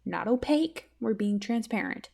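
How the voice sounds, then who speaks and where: A woman's voice: fairly high pitch, expressive, moderate pace, creaky, warm tone. Giggly, rambling woman podcaster. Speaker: podcast host. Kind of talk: casual solo podcast chat.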